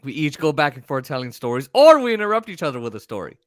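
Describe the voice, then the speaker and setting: A man co-hosting a podcast, telling stories in a casual, profane, animated way. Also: a little high, fast talker, no room sound, studio quality. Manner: animated, profane, acts out voices. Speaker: podcast co-host. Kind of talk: casual storytelling chat.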